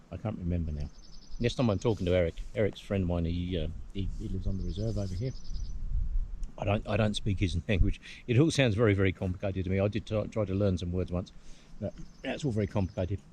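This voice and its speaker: A man's voice: sits low, warm tone, a little hiss or hum. A man with an English accent musing aloud to the camera as he hikes on a hillside. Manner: rambling, musing aloud with many hums. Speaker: hiking vlogger. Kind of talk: casual outdoor vlog commentary. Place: outdoors on a hillside.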